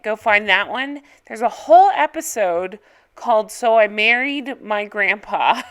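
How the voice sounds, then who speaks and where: A woman's voice: mid-range voice, pushed and bright. A woman hosting a reaction video, giving a casual, blunt and opinionated recap.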